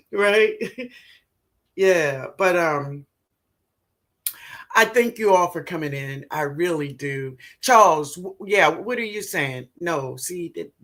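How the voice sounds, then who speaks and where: Low-voiced with a fairly bright tone, a middle-aged woman chats casually on her gardening live stream. She speaks in an unhurried drawl and warmly addresses her viewers as baby.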